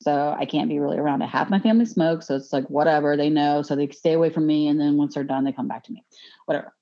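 A low-voiced woman talks fast in a casual podcast chat, bluntly telling an animated story, swearing freely and laughing along. The podcast audio is muffled and lo-fi.

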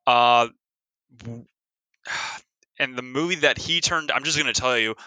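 A man chatting casually on a podcast, piling up fillers and restarts as he tells trivia. His voice is very bright and forward, recorded close and dry with no room around it. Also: mid-range voice, unhurried, no echo. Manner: rambling, filler-heavy, lots of "like". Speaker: podcast co-host. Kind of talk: casual chat.

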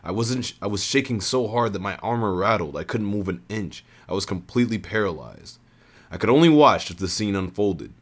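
A man reads a first-person adventure story aloud in an earnest tone. His voice sits on the low side, and he often restarts and repeats lines as he goes. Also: lively intonation, brisk. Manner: earnest, with frequent restarts and rereads.

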